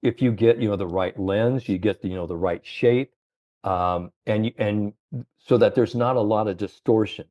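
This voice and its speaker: Low-voiced rambling man, lo-fi sound. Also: moderate pace, darkish tone. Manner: rambling, heavy use of "you know". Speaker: guest expert, former golf coach. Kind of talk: casual podcast storytelling.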